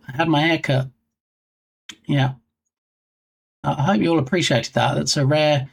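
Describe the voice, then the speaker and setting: Rambling man chatting on a live stream. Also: mid-range voice. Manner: rambling, reads chat aloud, dry self-mocking asides. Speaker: game dev streamer. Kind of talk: casual live-stream chat.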